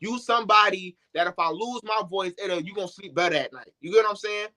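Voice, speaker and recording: High-voiced young man, slangy and animated. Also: fast. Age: young adult. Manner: loose, animated, slangy storytelling. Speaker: singer, interview guest. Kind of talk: casual interview talk.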